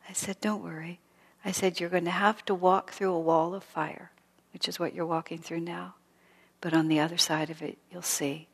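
A woman teaching a spiritual class in a gentle, reflective way, often sinking into a soft whisper. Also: lowish voice, vocal fry, husky, long reverb tail.

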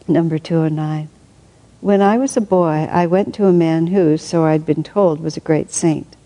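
A woman reading aloud from a spiritual book and adding her own reflective commentary, thinking aloud with soft laughs. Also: sits low, moderate pace, rough recording.

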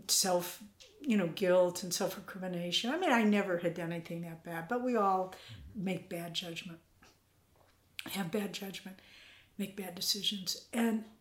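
An older woman gently and earnestly telling a personal spiritual story in an interview, at times dropping to a whisper. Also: on the low side. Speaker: interviewee, spiritual community member. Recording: roomy echo.

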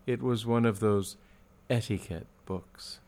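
A man reading a comic story aloud in dry, measured narration with wry timing. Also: on the low side, darkish tone.

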